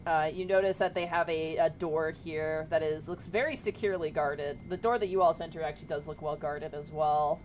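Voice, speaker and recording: A woman's voice: sits low, steady tone, a little fast, hardly any pauses, a little hiss or hum, low-quality recording. A woman narrating a tabletop game as game master, describing scenes casually with fillers.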